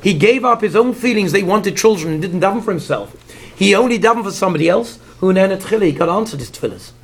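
High-pitched and fast, with a breathy edge, a Torah teacher lectures on commentaries using English mixed with Hebrew terms. He brings the story's figures to life by animatedly acting them out.

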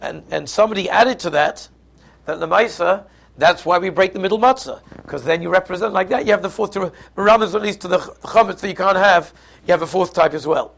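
A man teaches a Passover Torah class, explaining it step by step and mixing in Hebrew and Yiddish terms, with frequent restarts in this lecture. His voice sits high, is fairly quick and creaky, and is a bit bright.

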